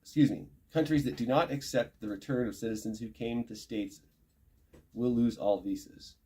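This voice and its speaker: Man reading aloud, pausing to look things up. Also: medium pitch, mellow. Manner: reads a list aloud, stopping to look things up and correct himself. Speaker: channel host reading a thread. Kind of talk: casual reading with commentary.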